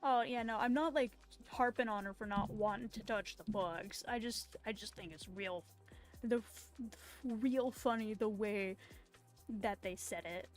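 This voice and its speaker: A woman artist streams while drawing, chatting casually in a mid-range voice that's a little slow. She wanders off on tangents as faint music plays in the background.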